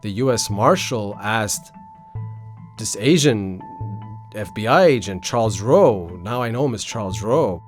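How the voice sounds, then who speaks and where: A man recounting events in a loose, casual way, his voice rising and falling a lot as he acts out the voices of others. Music runs clearly under him. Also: on the low side, a little slow. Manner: animated, acts out quotes, swears. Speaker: interviewee. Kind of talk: casual storytelling.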